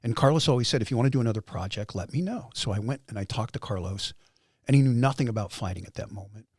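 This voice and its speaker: A man's voice: mid-range voice, dry recording, clean studio sound. A man in his fifties telling his story as a podcast guest, acting out quoted voices and swearing freely. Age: 50s. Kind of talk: animated storytelling.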